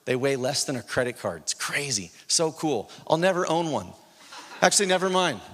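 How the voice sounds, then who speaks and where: Animated preaching man in a reverberant hall. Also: a little high, normal speed. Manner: storytelling, animated, acts out dialogue, builds to urgent exhortation. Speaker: pastor. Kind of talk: sermon.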